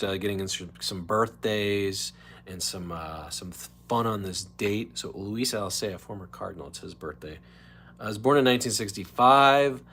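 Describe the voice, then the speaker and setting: A man hosting his own livestream podcast, rambling casually between topics and slipping into quick impressions. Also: on the low side, a bit bright, slight background noise. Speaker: podcast host. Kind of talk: casual solo livestream chat.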